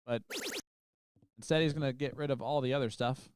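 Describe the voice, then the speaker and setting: A man's voice: mid-range voice, fairly even intonation, a little fast. Teasing Midwestern man calling darts over venue noise. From American Midwest. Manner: teasing, dry remarks. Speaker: darts co-commentator. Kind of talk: live sports commentary with banter.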